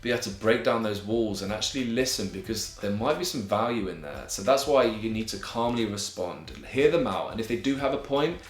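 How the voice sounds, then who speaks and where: A man's voice: on the low side, animated, fairly quick, hardly any pauses. A young man with an English accent, answering viewer questions in an advice vlog in an earnest, encouraging way with friendly slang. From England. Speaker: YouTuber. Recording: echoey room with music bed.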